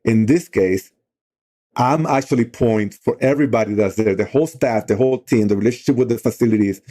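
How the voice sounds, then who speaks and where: With a medium-pitched, mellow voice and a brisk pace, a middle-aged man tells a story as a talk show guest. He is an outdoor program leader, speaks earnestly and conversationally, becomes emotional, and fills his speech with "you know."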